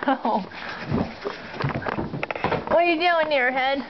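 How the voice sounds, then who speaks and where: A woman's voice: sits high, slow. A woman using patient, sing-song baby talk to coax a toddler while filming him at home on a camcorder. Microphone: handheld camcorder. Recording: muffled home video with background noise.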